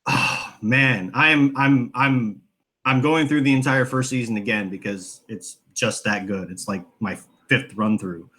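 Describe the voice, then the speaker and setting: A man co-hosting a casual podcast, laid-back and joking, tripping over restarts when excited. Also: medium pitch, measured pace. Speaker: podcast co-host.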